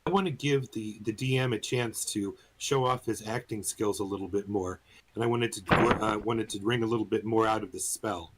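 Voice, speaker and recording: A man's voice: on the low side, moderate pace, slight background noise, rough recording. A man playing in a tabletop game, speaking hesitantly and politely with many fillers. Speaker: player. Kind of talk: tabletop role-play.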